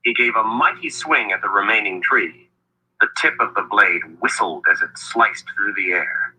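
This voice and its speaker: A man narrating a fantasy audiobook in a measured, storytelling read. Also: lowish voice, bright, forceful tone, a little hiss or hum, rough recording.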